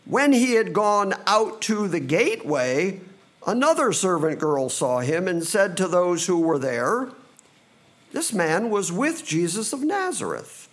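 Slow, high, animated male preacher. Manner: slow and dramatic, quickening in asides. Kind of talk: sermon.

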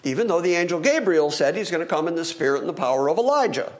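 A male pastor delivering an animated sermon. His voice sits high and swings widely in pitch as he acts out the questions of the people in the story. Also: fast talker.

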